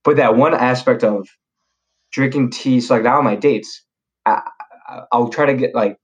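A young male podcast guest swaps stories casually, using slang and plenty of fillers as he keeps restarting his sentences. His mid-range voice moves at a moderate pace, and the recording sounds muffled.

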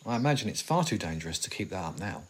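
A man's voice: fairly low pitch, very animated, fast talker, slight background noise. A man in his forties acting a weary, sardonic survivor of a zombie apocalypse in an audio drama, talking in dry, rambling asides. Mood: wry. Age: 40s.

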